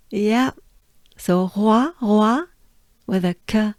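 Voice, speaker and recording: A native French woman with a French accent leads a pronunciation drill. She speaks very slowly and repeats each sound patiently, coaching the listener to say it with her. Her voice is recorded dry, with no room sound. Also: medium pitch, a little mellow, dry recording. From France. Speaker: pronunciation teacher.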